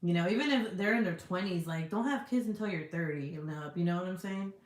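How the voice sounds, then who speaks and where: Middle-aged woman, low voice, casual rambling chat with viewer comments, salty language, echoey room. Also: a little fast. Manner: chatty, swears freely, lots of "like" fillers. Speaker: vlogger reading viewer comments.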